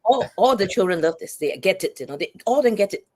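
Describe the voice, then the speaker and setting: A woman's voice: mid-range voice, lively intonation, fast, darkish tone. A woman speaking as a psychologist and coach guest in an interview, earnest and explanatory, often checking in with "right?".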